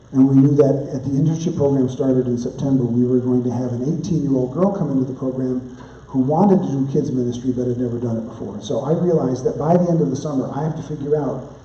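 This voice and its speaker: A man speaking as a pastor, giving a conference teaching talk and telling stories with lively asides. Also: mid-range voice, echoey room, far from the mic, muffled recording. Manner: animated storytelling with asides.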